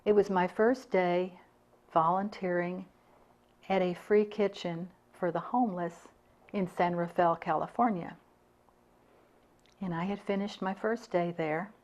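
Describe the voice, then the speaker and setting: This is a club talk in which an older woman earnestly narrates her own experiences, dramatizing people's words. Her voice is on the low side, and the recording has its highs cut off.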